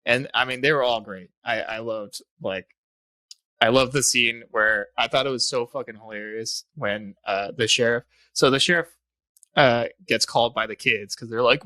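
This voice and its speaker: Bright-voiced young man retelling a movie. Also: medium pitch, moderate pace, no room sound. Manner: animated retelling, heavy swearing, frequent laughter. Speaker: podcast co-host, film reviewer. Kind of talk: casual chat.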